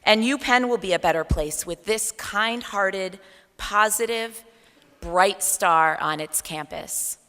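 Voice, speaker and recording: A woman at a podium microphone giving a measured, warm introduction of a graduation speaker. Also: medium pitch. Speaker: school staff introducing a speaker. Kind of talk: formal introduction speech. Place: large hall. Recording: long hall reverb.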